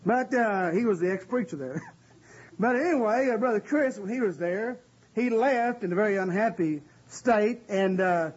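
A man preaching a sermon and explaining scripture in an earnest, conversational way, often pausing with "uh.". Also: sits high, husky. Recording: dull lo-fi recording.

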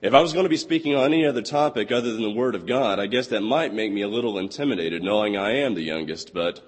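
Young male preacher with a hoarse, lost voice; earnest, slow on scripture, in a reverberant hall. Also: lowish voice, lively intonation. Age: 20s. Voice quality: husky. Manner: earnest, quotes scripture slowly and deliberately. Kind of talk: sermon.

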